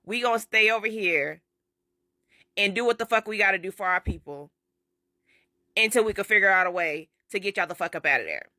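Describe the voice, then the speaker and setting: A woman, blunt and exasperated, swearing through a profane rant. Her voice is bright and sharp, recorded dry and close. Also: medium pitch, fairly quick, pauses often, dry recording. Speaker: commentator. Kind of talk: profane social media rant.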